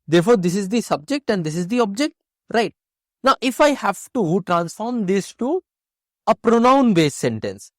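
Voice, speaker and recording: A man's voice: sits high, no echo, studio quality. A man teaching an exam-prep grammar lesson, explaining step by step and asking and answering his own questions.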